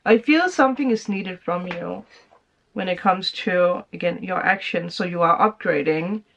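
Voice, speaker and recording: A woman's voice: lowish voice, normal speed, a bit bright. Chatty woman reading tarot. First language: Danish. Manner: chatty, laughs often, acts out quoted reactions. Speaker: tarot reader. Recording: slightly dull lo-fi sound.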